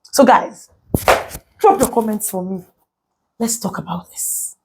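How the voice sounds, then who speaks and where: A Nigerian woman, a lawyer, giving a casual commentary vlog to her followers, animated and full of rhetorical questions, repeating phrases for emphasis. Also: medium pitch, unhurried, vocal fry, breathy edge.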